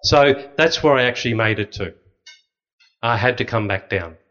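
A man's voice: medium pitch, moderate pace. A middle-aged Australian man, a Catholic priest, giving an anecdotal talk with slides and acting out the voices of people in his stories. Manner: lively, anecdotal, acts out other people's voices. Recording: dull, slightly lo-fi sound.

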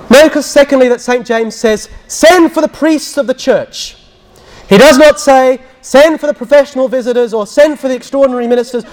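High-voiced priest teaching. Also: male voice. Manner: storytelling, acts out quotes, drops to a hushed voice when recounting prayers. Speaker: Catholic priest. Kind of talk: teaching talk with anecdotes.

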